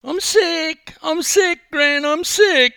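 An older man voicing a frightened, headstrong four-year-old boy who wails and pleads in a shrill voice. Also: wildly swooping pitch, slow, bright, forceful tone, no room sound, studio quality, heavily acted. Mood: wailing.

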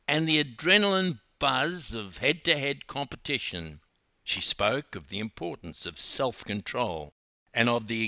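An Australian man narrating his own memoir with wry, animated storytelling. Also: on the low side, no room sound, clean studio sound.

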